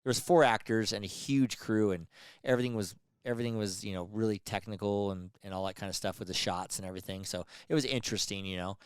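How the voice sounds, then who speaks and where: A middle-aged man co-hosting a casual chat, telling animated stories and acting out what people said, laughing often. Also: fairly low pitch, quick pace, smooth, no echo. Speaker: podcast co-host.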